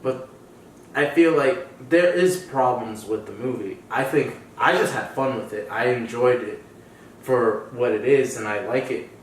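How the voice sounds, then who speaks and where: A man's voice: medium pitch, measured pace, a little hiss or hum. A man co-hosting a movie review podcast, easygoing and agreeable. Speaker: podcast co-host. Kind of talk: casual movie review chat. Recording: echoey room, distant mic.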